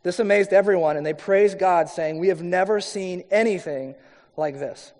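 High-voiced man preaching in a hall. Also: moderate pace. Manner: conversational, emphatic preaching with sudden drops to quiet. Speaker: pastor. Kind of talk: sermon.

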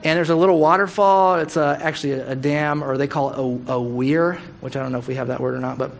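A middle-aged man giving a sermon, telling a story in a casual, animated way and acting out the quotes. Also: mid-range voice, fast, gravelly.

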